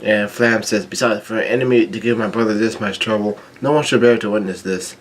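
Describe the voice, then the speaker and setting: A man reading a comic chapter aloud, stumbling, restarting words and filling pauses with ums. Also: lowish voice, fairly even intonation, slight background noise. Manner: halting, with frequent restarts and ums. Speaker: manga chapter reader.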